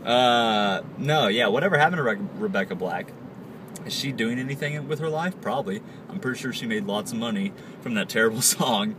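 A man's voice: mid-range voice, animated, brisk. A young man vlogging while he drives, joking and rambling in a wobbly put-on Aussie-British accent, recorded on a phone. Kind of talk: casual vlog. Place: inside a moving car. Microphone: phone held while driving. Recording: distant phone mic with road noise.

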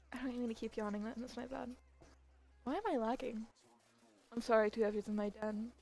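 Streaming a game live, a young woman chats casually with viewers, giggling and tripping over her words. Her voice is fairly high with vocal fry and a darkish tone.

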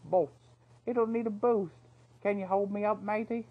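Male reader doing a high, bragging mouse burglar, cheeky, storybook. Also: steady tone, phone-quality sound. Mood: boastful. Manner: boastful, cheeky, rapid patter. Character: cocky, chatty male mouse thief.

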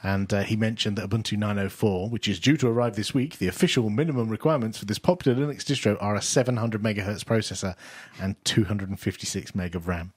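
A man's voice: fairly low pitch, fast, hardly any pauses, husky, dry recording. A British man co-hosting a podcast, chatting casually with fillers and frequent laughs. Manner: relaxed, laughs often, trails off with fillers. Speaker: podcast co-host. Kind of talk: casual panel chat.

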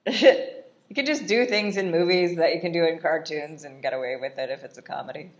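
A woman's voice: low-pitched, a little fast, highs cut off. A woman casually commenting while she watches a movie, laughing often in a chatty, irreverent way. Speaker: vlogger reacting to a film.

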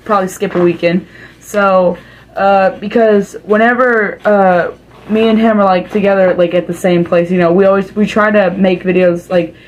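A woman co-hosting as the channel's editor in casual chat, excited and talkative, filling her speech with "like". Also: medium pitch, normal speed, muffled recording. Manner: excited, chatty, heavy use of "like". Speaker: video editor and co-host.

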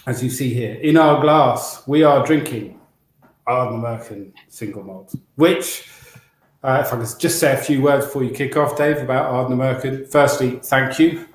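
A man's voice: medium pitch, normal speed. A man from England co-hosting a casual chat show, enthusiastic and rambling, with many restarts. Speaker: podcast co-host. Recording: roomy echo.

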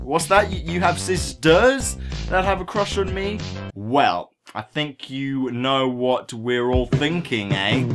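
A man's voice: medium pitch, expressive, takes it slowly, over loud music. A man vlogging as he reads viewer comments aloud, playful and jokey with sudden silly outbursts. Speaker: YouTuber reading viewer comments. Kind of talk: goofy comment-reading vlog.

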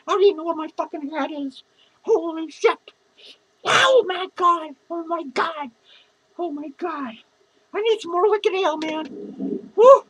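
In a poorly recorded clip, a man uses an extremely high, slightly bright, exaggerated voice to play a drunk, foul-mouthed, lonely clown. This comedy character performer rambles and slurs through the monologue, swearing constantly and giggling.

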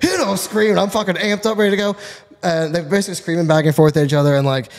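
A man's voice: high voice, racing, big-room sound. A man from Florida, a podcast guest telling a rowdy story with lots of swearing. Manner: profane, animated storytelling. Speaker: podcast guest, car tuner. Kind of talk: casual storytelling.

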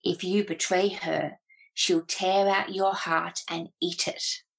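A grumpy old landlady croaks out her warnings, husky and rough. She speaks slowly and grudgingly. A woman puts her on while reading aloud. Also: fairly low pitch, level tone, heavily acted, rough recording. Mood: gruff.

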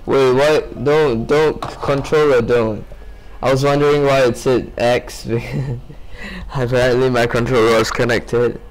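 A man's voice: medium pitch, steady tone, slow, rough recording. A sleepy young man commenting casually on his gameplay, rambling to himself and swearing. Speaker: gamer.

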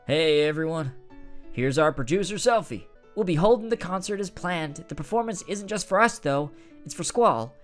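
A man's voice: lively intonation, normal speed, faint music behind, natural voice. A man voicing a bubbly, upbeat teenage girl in a raised, cheery tone. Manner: raised pitch, cheery reading.

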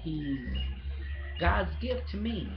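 A woman's voice: fairly low pitch, lively intonation, takes it slowly, highs cut off, music in the background. A woman vlogger in casual chat, emotional and gushing, often stumbling over her words with fillers.

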